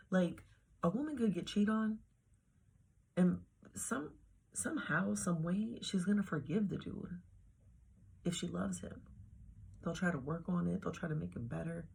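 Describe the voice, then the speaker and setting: A woman's voice: fairly low pitch, unhurried, vocal fry, long pauses, a little mellow, breathy edge. A woman giving a casual devotional talk to camera, slangy and emphatic, often dropping into whispers. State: heartbroken after a breakup. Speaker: faith vlogger.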